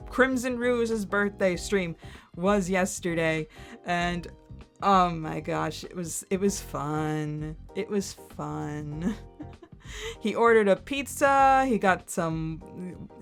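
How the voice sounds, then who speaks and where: A young adult woman streaming from her computer, chatting casually and excitedly, rambling with lots of fillers and frequent giggles. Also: fairly low pitch. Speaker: streamer reacting to content. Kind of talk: casual chat while screen-sharing.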